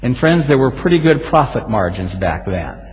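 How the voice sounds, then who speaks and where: Guy preaching a sermon, tells it like a story and gets loud fast, big echoey church sound. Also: mid-range voice, faint music behind. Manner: animated storytelling with sudden loud exclamations. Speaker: pastor. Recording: hall reverb.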